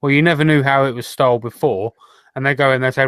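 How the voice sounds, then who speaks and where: A man's voice: medium pitch, fairly even intonation, quick pace, a bit bright, clean tone, no echo. A man co-hosting a podcast, thinking aloud with stammers and hedges. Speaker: podcast co-host. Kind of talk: casual podcast chat.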